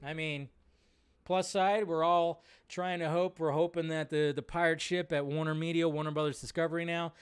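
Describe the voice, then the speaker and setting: A man's voice: on the high side, flat delivery, normal speed, smooth. A male host of a live movie news show, chatting casually and thinking aloud with offhand restarts. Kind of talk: casual live-stream chat.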